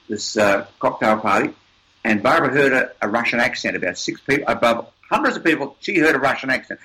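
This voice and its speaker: An older man appears as an interview guest, his mid-range voice bright and forceful despite poor audio quality. He tells motivational stories with emphatic, upbeat energy, often repeating words.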